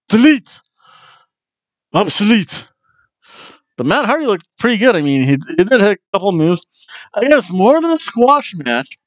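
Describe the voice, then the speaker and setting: A man's voice: a little high, dry recording, muffled recording. Chatty, jokey man reviewing wrestling. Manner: chatty and jokey, with frequent ums. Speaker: wrestling review podcast host. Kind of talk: casual review chat.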